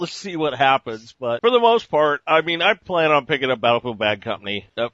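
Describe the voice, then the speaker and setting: Bright-voiced man hosting a gaming podcast. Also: a little high, expressive, moderate pace, dry recording, muffled recording. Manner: laid-back, swears freely, laughs often. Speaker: podcast host. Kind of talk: casual gaming podcast chat.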